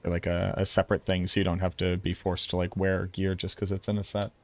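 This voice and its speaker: A man streaming, giving casual commentary in a blunt, excitable way and swearing freely. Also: deep voice, quick pace, no echo.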